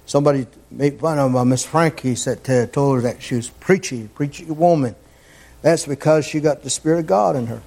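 Fervent high-voiced male preacher. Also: moderate pace, gravelly. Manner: fervent, building to shouts. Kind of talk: sermon. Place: church.

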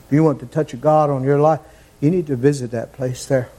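A man preaching a fervent sermon in a church, sometimes rising to shouts. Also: medium pitch, steady tone, fairly quick.

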